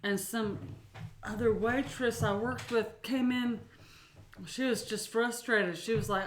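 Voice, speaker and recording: A woman from North Carolina with a Southern accent, co-hosting a podcast and telling stories loudly and with animation. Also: a little high, unhurried, echoey room. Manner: loud, animated storyteller. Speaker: podcast co-host. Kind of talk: casual chat.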